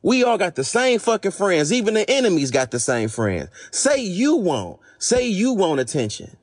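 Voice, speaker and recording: Hoarse man ranting bluntly on a podcast. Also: high-pitched, wildly swooping pitch, moderate pace. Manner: blunt, profane, exasperated ranting. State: losing his voice. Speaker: podcast host. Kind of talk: unscripted podcast monologue.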